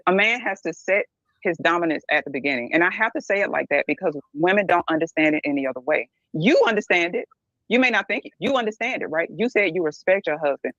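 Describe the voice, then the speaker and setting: A middle-aged woman appears as a podcast guest in a candid discussion, speaking bluntly and emphatically and often checking in with "right?". Her voice is lowish and a bit bright, with lively intonation and a fast pace, on a dry, lo-fi recording.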